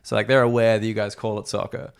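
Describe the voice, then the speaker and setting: A man's voice: on the low side, steady tone, fast, creaky, clean tone. An Australian man hosting a comedy podcast, chatting loosely with lots of filler words. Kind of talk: casual interview chat.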